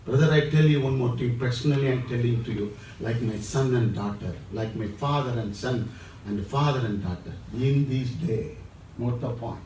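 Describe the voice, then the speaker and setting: A man's voice: medium pitch, moderate pace, mellow, reverberant, recorded from a distance, a little hiss or hum, poor audio. A male pastor with an Indian English accent and a Tamil background, preaching a sermon with emphasis and repeating each phrase. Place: church.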